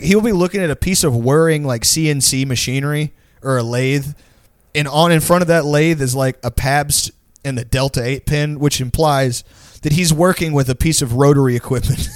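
Swearing freely and saying "like" constantly, this young podcast co-host rambles through casual stories full of slang. His voice is medium in pitch, and the recording is dry and studio quality.

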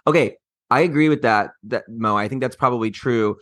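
A man from Mississippi co-hosting a podcast, chatting in a snarky, animated way. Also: medium pitch, fairly quick, no room sound, clean studio sound. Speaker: podcast co-host. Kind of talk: casual chat.

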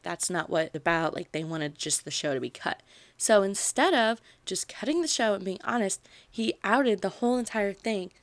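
A woman's voice: medium pitch, dry recording. Chatty woman recapping a novel. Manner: animated storytelling, frequent "like" fillers. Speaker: book podcast host. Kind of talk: chatty book review, retelling a plot.

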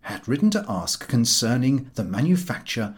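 A man reading a humorous novel aloud as an audiobook, with a wry and expressive delivery. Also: mid-range voice, normal speed. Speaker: audiobook reader.

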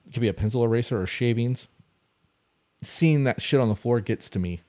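A man's voice: mid-range voice, brisk, warm tone. Blunt, profane man co-hosting a podcast. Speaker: podcast co-host. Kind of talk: casual advice talk.

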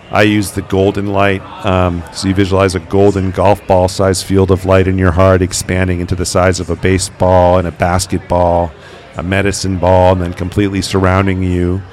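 Guy w a lowish voice telling paranormal stories, does the voices, recorded outside. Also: normal speed. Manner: animated, acts out quoted voices. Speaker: paranormal investigator guest. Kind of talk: conversational interview storytelling.

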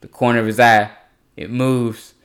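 A man's voice: mid-range voice, little pitch movement, moderate pace, a bit bright, clear, resonant tone. A young man hosting a podcast in casual, rambling chat, laughing often. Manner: loose, rambling, laughs a lot. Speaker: podcast host.

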